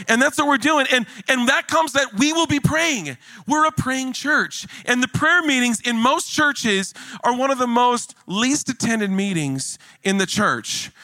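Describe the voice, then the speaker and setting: Male pastor with a high, bright voice, animated jokey sermon delivery, dry close sound. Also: measured pace, no echo. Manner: animated, jokey preaching with rising emphasis.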